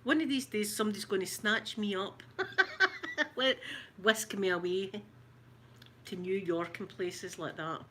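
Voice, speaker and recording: This Glaswegian woman, middle-aged and hosting an ASMR channel, rambles and giggles while unboxing makeup, her Scottish accent clear. Her mid-range voice is fairly bright and unhurried, with frequent pauses and slight background noise.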